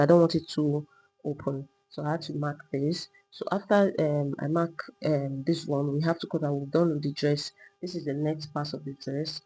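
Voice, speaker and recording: A woman teaching a step-by-step sewing tutorial, calmly talking through each move while she drafts and cuts a pattern. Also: sits low, husky, low-quality recording. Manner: patient, repetitive demonstrating, talking while working. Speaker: sewing instructor.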